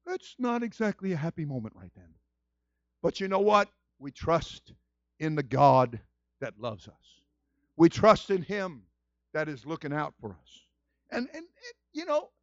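A man, a senior pastor, giving a conversational sermon and telling stories with lively asides. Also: sits high, no room sound, dull audio. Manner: animated storytelling, acts out quoted voices.

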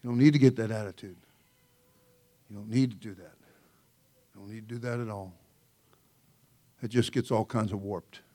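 A man's voice: on the low side, steady tone, normal speed, pauses often, warm tone. A male senior pastor preaching a sermon in a folksy, joking way, often laughing and calling out "oh, brother.".

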